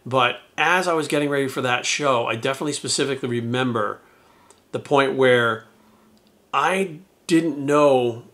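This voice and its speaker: A man's voice: mid-range voice, moderate pace, bright, forceful tone. A man who is a YouTuber and retired bodybuilder, telling a story to his viewers in a candid, profane, rambling way. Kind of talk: casual storytelling to camera.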